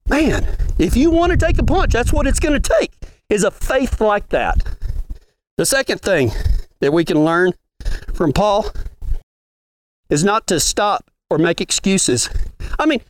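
A man's voice: high-pitched, sing-song, measured pace, pauses often, a little hiss or hum. A man preaching a folksy sermon at a ranch gathering, asking the room questions as he goes.

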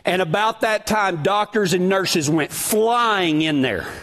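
A man's voice: sits high, slow, fairly bright tone. A man preaching a sermon, telling his own story in a folksy, dramatic way.

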